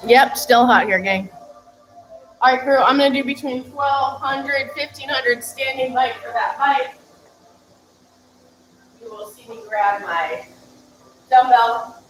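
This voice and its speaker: A woman's voice: high-pitched, slow, pauses often, faint music behind, rough recording. A woman fitness coach giving chatty, upbeat instructions during a live-streamed workout, laughing now and then between cues.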